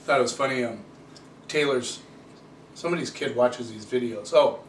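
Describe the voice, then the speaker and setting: A man's voice: medium pitch, moderate pace. A man casually reviewing wines, chatty and opinionated, ranting with rhetorical questions. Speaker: wine reviewer. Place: home room with cameraman. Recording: echoey room, distant camera mic, faint hiss.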